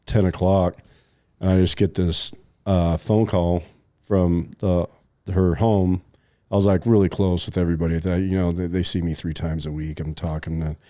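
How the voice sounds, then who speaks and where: A man's voice: low-pitched, dark tone, no echo. A middle-aged man telling a personal story in casual podcast chat, rambling with many fillers and restarts, sometimes choked up. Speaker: podcast co-host.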